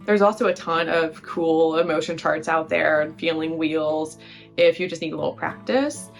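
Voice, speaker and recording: Woman host, low voice, casual explanatory teaching to camera, soft guitar bed. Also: moderate pace, vocal fry. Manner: friendly, explanatory, with emphatic rhetorical questions. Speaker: relationship advice host. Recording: faint guitar music behind.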